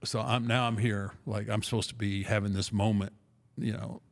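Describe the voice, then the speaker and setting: Man, middle-aged, gravelly, low-pitched, rambling, self-deprecating storyteller. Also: flat delivery, moderate pace. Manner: rambling, self-deprecating, with frequent restarts and laughs. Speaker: podcast guest storyteller. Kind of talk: casual storytelling chat.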